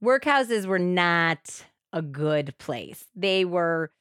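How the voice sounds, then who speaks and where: A woman co-hosting a podcast, telling a true crime story in an animated, expressive way. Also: fairly low pitch, drawn-out words, clear, resonant tone, no room sound, studio quality. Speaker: podcast co-host.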